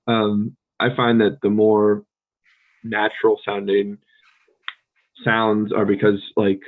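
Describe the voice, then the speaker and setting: An American man co-hosting a podcast, chatting casually with a relaxed, rambling manner full of fillers and restarts. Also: on the low side, slow, long pauses, narrow, tinny audio. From United States. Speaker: podcast co-host. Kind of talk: casual conversational chat.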